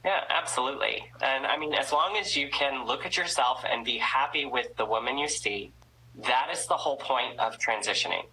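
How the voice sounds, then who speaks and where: A woman with a very low, bright-edged voice, sounding stuffy from a head cold. She talks in a chatty, candid way and lifts the ends of her sentences. A faint hum sits under the recording. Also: moderate pace, rough recording. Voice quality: trained singing voice. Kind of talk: casual video chat interview.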